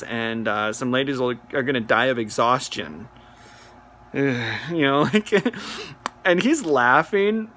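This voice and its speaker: Bright-voiced man telling a funny story. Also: mid-range voice, slight background noise. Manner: animated, mimics voices while retelling. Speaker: comedian. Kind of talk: comedic storytelling to camera.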